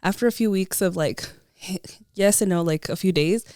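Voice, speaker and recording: A young woman co-hosting a podcast, telling a story in a chatty casual way, full of "like" and quick laughs. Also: fairly low pitch, dark tone, no room sound, studio quality. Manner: chatty, lots of likes, laughs as she tells a story. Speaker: podcast co-host.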